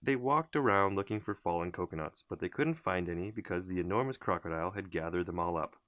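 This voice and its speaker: A man reading a children's story aloud in an expressive, unhurried way. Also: deep voice, dry recording, highs cut off. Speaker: storybook reader.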